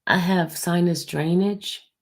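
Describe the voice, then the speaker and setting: A woman hosting a livestream, speaking low and hushed, near a whisper, and answering her viewers in a blunt, defensive way. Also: fairly even intonation, slow pace. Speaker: livestream host. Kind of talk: livestream talk answering the chat.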